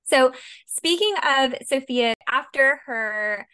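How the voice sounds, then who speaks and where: A woman's voice: high-pitched, expressive, slow pace, sharp tone, clean tone. A woman with an American accent co-hosting a podcast, casually sharing royal fun facts with listeners. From United States. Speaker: podcast co-host. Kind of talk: casual chat about royal news.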